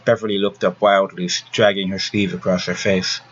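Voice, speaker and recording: A man narrating a gothic novel as an audiobook reader, reading at a steady, even pace. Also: low-pitched, a little fast. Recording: dull lo-fi recording with faint hiss.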